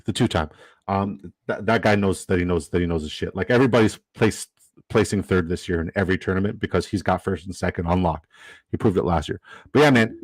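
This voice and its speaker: A man chats loosely while running a fantasy football draft, full of fillers and restarts as he reacts to his chat. His voice sits on the low side. The sound is dry, with no room around it. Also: dry recording, rough recording. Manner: rambling, filler-heavy, reads chat aloud. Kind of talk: casual live-stream chat.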